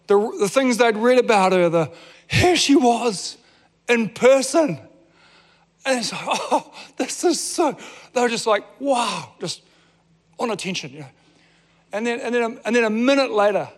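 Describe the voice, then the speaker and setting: A man preaching a sermon, telling a story with stammered restarts and drawn-out dramatic pauses. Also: high voice, long reverb tail. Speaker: pastor.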